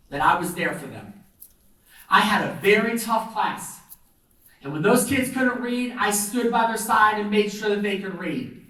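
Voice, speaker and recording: A middle-aged man giving a keynote speech, telling stories with lively acted-out voices. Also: high-pitched. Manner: animated storyteller acting out voices. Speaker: keynote speaker. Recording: echoey hall, mic from far off.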